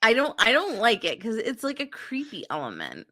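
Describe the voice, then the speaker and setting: A woman's voice: a little high, huge pitch swings, moderate pace, noisy background. A woman co-hosting a podcast, giving wry, opinionated commentary in a casual chat about a TV episode. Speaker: podcast co-host.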